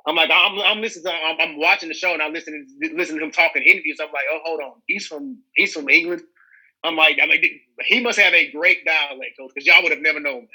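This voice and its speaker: A man's voice: on the high side, fast, hardly any pauses, bright, forceful tone, breathy edge, poor audio. A young man from the American South with a Southern accent, an actor chatting casually in an interview, rambling with many restarts and fillers. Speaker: actor guest.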